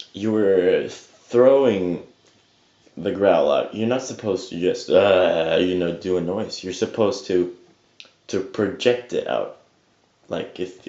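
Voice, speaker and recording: Deep-voiced man on echoey lo-fi webcam. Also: mellow. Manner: rambling, hesitant, many fillers and restarts, swears casually. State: just woke up. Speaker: vocal tutor. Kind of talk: casual webcam tutorial. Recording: echoey lo-fi home webcam audio.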